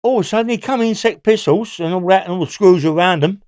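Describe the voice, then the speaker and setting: A man's voice: sits high, fast talker, hardly any pauses, clean tone, no room sound, clean studio sound. An older man with a London accent, telling rambling, swear-filled stories as a guest in a casual interview. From England. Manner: rambling, excitable, swears often, lots of fillers. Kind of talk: casual storytelling in a podcast interview.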